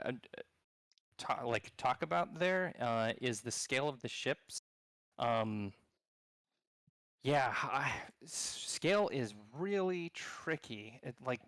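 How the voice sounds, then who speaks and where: A man's voice: mid-range voice, a bit bright, dry recording. Mid-voiced male game developer, dry close mic; thoughtful, loose explainer. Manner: thoughtful, explaining, rambling with restarts. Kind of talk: casual live-stream working session.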